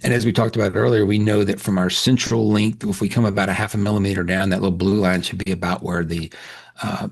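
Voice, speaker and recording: Guy dentist teaching a webinar, low gravelly voice, kinda husky, chatty with lots of restarts. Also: little pitch movement, fast talker. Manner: storytelling, candid, with frequent restarts. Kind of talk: conversational webinar lecture.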